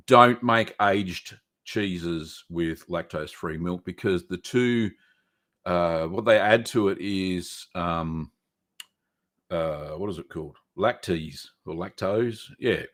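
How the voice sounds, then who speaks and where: A middle-aged man hosting a live stream, casually answering viewer questions with lots of ums and uhs in a small echoey room. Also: deep voice. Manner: relaxed, chatty, many ums and uhs.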